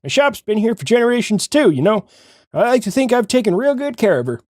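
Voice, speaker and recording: A man's voice: high voice, big pitch swings, fairly quick, a little mellow, no echo, studio quality. A man doing a feisty old baker. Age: 70s. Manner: folksy drawl, boastful and teasing.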